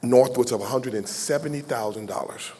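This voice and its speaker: This keynote speaker is a man in his sixties from the Southern United States, speaking at a gala with a medium-pitched, darkish, slightly rough voice at a fairly quick clip. His speech is heartfelt and folksy; he jokes with the audience and takes questions. Long reverb from the ballroom PA fills the large banquet hall.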